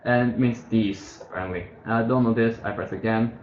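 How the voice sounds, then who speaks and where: A man's voice: fairly low pitch, fairly even intonation, normal speed, darkish tone. Casual man explaining a study app. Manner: rambling, self-correcting, thinking aloud. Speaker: tutorial host. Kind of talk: casual screen-share tutorial. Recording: muffled, echoey room with faint hiss.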